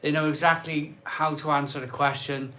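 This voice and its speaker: A man's voice: fairly high pitch, level tone, normal speed, bright, forceful tone. A man hosting a live stream from his home bar, reading out viewer comments in a rambling, chatty way and often repeating himself. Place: cold home conservatory bar.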